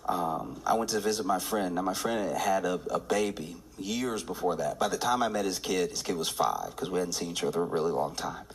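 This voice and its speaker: A man performing a stand-up comedy routine, telling a story with restarts and climbing into excited laughter. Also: low-pitched, fairly quick, few pauses.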